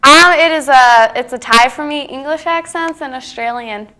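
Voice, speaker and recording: Young woman, bright voice, slightly high, hesitant, filler-heavy, easygoing, dating game show contestant. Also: normal speed. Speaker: bachelorette contestant.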